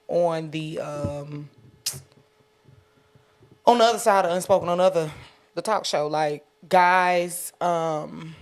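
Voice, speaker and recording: A woman co-hosting a podcast in candid, profane casual chat, laughing often. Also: lowish voice. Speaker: podcast co-host. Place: podcast studio.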